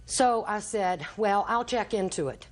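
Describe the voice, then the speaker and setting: A woman's voice: medium pitch, unhurried. An older woman giving courtroom testimony, telling a long story and acting out the quoted dialogue. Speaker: litigant in small claims court.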